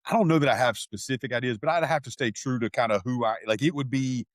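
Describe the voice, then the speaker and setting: A man co-hosts a casual podcast chat. He rambles, hesitates and restarts his sentences often. His voice sits in a middle pitch and is recorded close and dry. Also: quick pace, no room sound. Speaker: podcast co-host.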